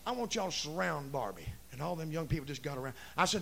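A man preaching a Pentecostal revival sermon, shouting in rising bursts. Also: on the high side, expressive, fast talker, creaky. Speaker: pastor.

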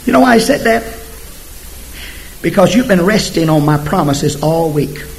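Emphatic, high-voiced male preacher. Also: animated, moderate pace, creaky, slight background noise, rough recording. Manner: emphatic, swings from hushed to shouting. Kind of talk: sermon.

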